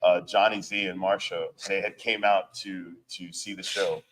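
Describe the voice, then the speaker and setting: A man's voice: low-pitched, level tone, moderate pace, fairly bright tone, rough recording. A man who plays in a band, a guest on an interview show, telling road stories in a loose, casual way, swearing freely and using lots of fillers. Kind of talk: casual storytelling chat.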